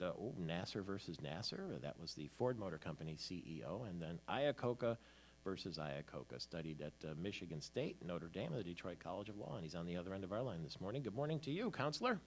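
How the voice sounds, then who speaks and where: A man's voice: low-pitched, slight background noise. Chatty male morning show host. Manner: chatty, with many "uh" fillers. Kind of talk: casual chat and news talk.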